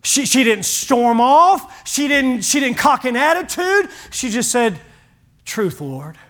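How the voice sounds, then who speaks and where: High-voiced pastor preaching. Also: male voice, measured pace. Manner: animated, folksy, shifts from loud to hushed. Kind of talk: sermon.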